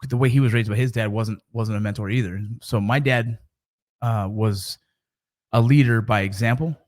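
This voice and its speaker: A man's voice: fairly low pitch, steady tone, normal speed, darkish tone. A middle-aged man and father talking casually to camera about mentoring, in a rambling, conversational way with frequent restarts.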